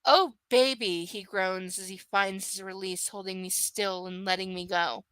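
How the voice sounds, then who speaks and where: A woman reads a novel on a livestream, stopping for casual chat in which she swears and needles viewers by name. She speaks at a moderate pace in a mid-range voice that is completely flat, sharp and clean, recorded dry.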